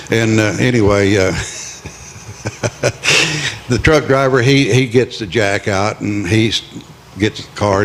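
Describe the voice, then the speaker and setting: A man's voice: lowish voice, slight background noise. A man on a small club stage telling a rambling, folksy joke and teasing the audience. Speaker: club performer, singer and joke teller. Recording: live with guitar playing.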